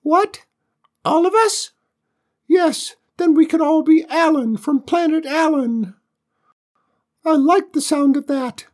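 A squeaky, self-important little alien invader barks grand orders in a storybook reading. The voice sits very high and louder than the narration, with an indignant swing, and the reading drifts along unhurried. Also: female voice. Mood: pompous. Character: tiny pompous purple alien invaders. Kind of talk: storybook character voice.

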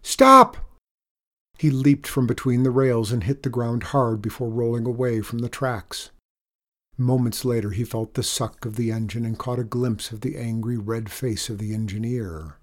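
A man reading a story aloud in an even, measured storytelling manner. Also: mid-range voice. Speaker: narrator. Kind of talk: audiobook narration.

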